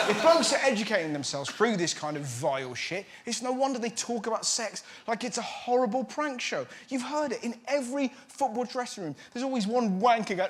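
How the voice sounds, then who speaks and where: Guy doing stand-up, swings his voice all over, mocks and does silly voices, big loud crowd. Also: very high-pitched, expressive, fairly quick, hardly any pauses, very noisy. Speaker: comedian host. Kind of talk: stand-up monologue. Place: studio with live audience. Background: audience laughter.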